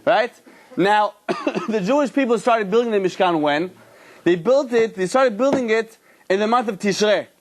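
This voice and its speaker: A man, a rabbi, giving a Torah class and telling a story, acting out the characters with lively energy. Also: sits high, moderate pace.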